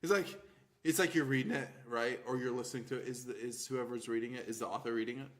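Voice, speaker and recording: A man's voice: medium pitch, steady tone, fast talker, fairly bright tone. A man co-hosting a podcast, trading crude comedic banter, swearing and laughing often. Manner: laughs often, profane and mocking. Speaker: podcast co-host.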